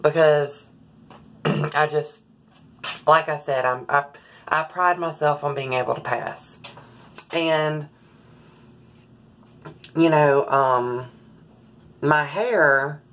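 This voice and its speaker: A woman speaks at a slow, unhurried pace in a personal, confessional vlog. Her voice sits unusually low and carries a slight hoarseness. She halts often, with fillers and frequent throat clearing. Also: steady tone. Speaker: vlogger.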